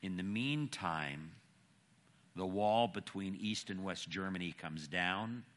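A man's voice: low voice, slow, a bit bright. A man preaching a sermon and telling a story with emphatic, dramatic pacing.

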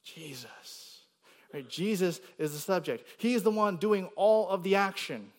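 A man with a somewhat high voice delivers a teaching sermon to his congregation. He explains each point step by step, keeps asking whether listeners follow, and punches the words he quotes with extra force. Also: normal speed. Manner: explanatory, rising emphasis on quoted words, frequent "right?" checks. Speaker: pastor.

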